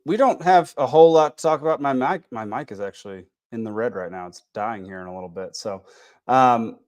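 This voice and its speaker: Tired Texan podcast host rambling. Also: male voice, mid-range voice, brisk, a little mellow. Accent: Texas. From Texas. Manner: rambling with many fillers and restarts. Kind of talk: casual podcast chat.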